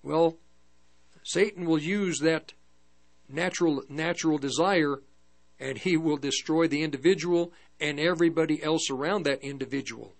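An older man preaches with a slightly high voice, stopping and restarting as he tells a story from his past. A low mains hum sits under the recording. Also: gravelly. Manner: halting, storytelling, frequent restarts. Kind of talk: testimony sermon.

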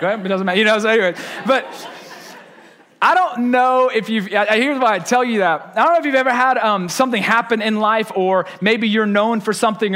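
Casting: male preacher, 30s, higher voice, chatty and self-mocking storyteller. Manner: animated, self-deprecating, conversational. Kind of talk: sermon with personal storytelling.

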